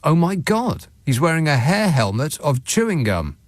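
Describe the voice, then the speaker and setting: A male radio phone-in host talking in a sardonic, mocking, quick-witted way. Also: on the high side, sing-song, dry recording. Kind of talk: casual radio chat. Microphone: studio microphone.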